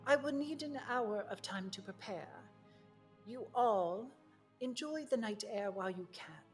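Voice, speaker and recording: A woman voicing an old female insect-like arcanist who gives hurried orders. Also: mid-range voice, lively intonation, faint music behind, natural voice. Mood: ominous.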